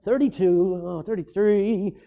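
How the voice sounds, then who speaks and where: A man's voice: sits high, measured pace, creaky. A man voicing a distracted fisherman who counts fish aloud and brushes off questions. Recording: tinny phone-like sound.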